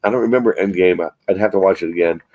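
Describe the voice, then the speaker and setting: A man's voice: sits low, very fast, darkish tone, no room sound, lo-fi sound. A man hosting a casual live stream, rambling and swearing as he chats about movies. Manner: rambling, profane, self-mocking. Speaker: livestream host.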